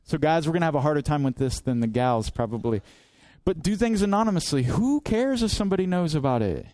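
A man's voice: a little high, lively intonation, fast, darkish tone, no room sound. Earnest pastor man preaching. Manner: earnest, direct, rhetorical questions. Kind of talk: sermon.

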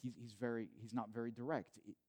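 A man's voice: mid-range voice, a little slow, darkish tone. Man preaching in a conversational way. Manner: conversational preaching with restarts and repeated phrases. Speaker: pastor. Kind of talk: sermon. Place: at home during quarantine.

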